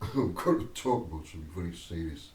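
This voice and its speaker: Warm, low and fast, this man's animated voice runs through a rambling personal story told to camera, punctuated by frequent chuckles and tangents. The mic is set back, giving the room a noticeable echo.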